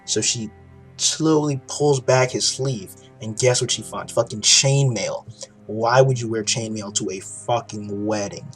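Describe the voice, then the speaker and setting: A man giving a casual video review of a TV episode, retelling it excitedly with lots of swearing and restarts. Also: lowish voice, unhurried, faint music behind. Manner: excited, profane storytelling with frequent restarts.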